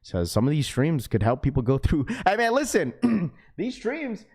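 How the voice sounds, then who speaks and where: A man with a raspy voice hosting a sneaker livestream, chatting casually in slang and reading chat messages aloud. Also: fairly high pitch, wildly swooping pitch, moderate pace, darkish tone. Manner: laid-back, slangy, full of fillers.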